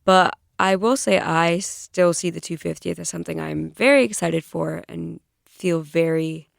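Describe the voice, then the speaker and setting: Casting: young historian, heavy vocal fry, dry close sound, earnest. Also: medium pitch, steady tone, unhurried, no room sound. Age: young adult. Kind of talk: radio talk show discussion.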